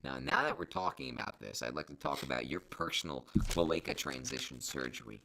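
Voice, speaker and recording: A man's voice: very deep voice, big pitch swings, fairly quick, gravelly, noisy background. A man co-hosting an improvised comedy podcast, asking questions in a mock-serious interviewer manner. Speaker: podcast co-host.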